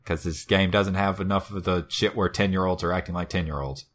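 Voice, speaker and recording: Brief: low-pitched male host, casual and profane, wry retelling. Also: steady tone, brisk, a bit bright. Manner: swears a lot, wry storytelling. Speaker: podcast co-host. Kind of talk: casual chat.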